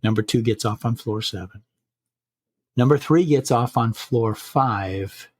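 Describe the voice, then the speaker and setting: Husky man telling a spooky story. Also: mid-range voice, a little mellow, dry recording. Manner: measured, slowing for suspense, some restarts. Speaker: podcast host telling a scary story. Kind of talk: spooky bedtime story narration.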